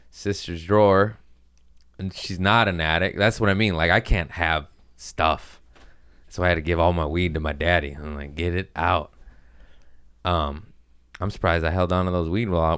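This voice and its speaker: A man's voice: low voice, a bit bright, smooth, dry recording, studio quality. A man hosting a podcast, chatting casually with loose, profane, jokey storytelling. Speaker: podcast host. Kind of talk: casual chat.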